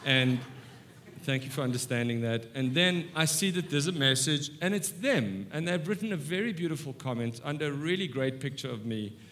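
A man in his fifties preaching a humorous sermon with stories, animated and self-mocking, moving between soft asides and excited bursts. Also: mid-range voice, normal speed. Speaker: guest preacher. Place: church sanctuary.

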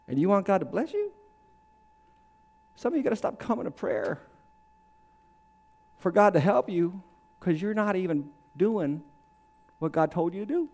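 A man delivers a sermon in a high voice. He preaches with drama, climbing to shouts and dropping to near hushes, and briefly acts out other people's voices. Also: very animated, normal speed, long pauses. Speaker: pastor.

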